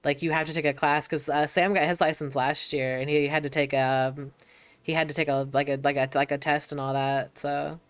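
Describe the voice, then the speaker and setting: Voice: medium pitch, flat delivery, brisk, clear, resonant tone, no room sound. A young adult streamer from Georgia, chatting casually, swearing freely and telling stories. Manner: laid-back, swears freely, tells stories in quoted voices. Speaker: streamer host. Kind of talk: casual chat.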